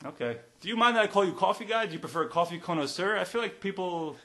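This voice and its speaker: A man's voice: high-pitched, expressive, fast talker, pushed and bright. A young man hosting a casual podcast, joking and teasing his guests. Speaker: podcast host. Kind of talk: casual comedic chat.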